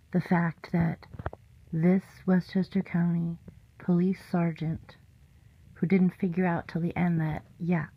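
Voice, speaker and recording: A woman's voice: fairly low pitch, a little hiss or hum. A woman vlogger giving a matter-of-fact explanatory voice-over. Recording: dull lo-fi audio.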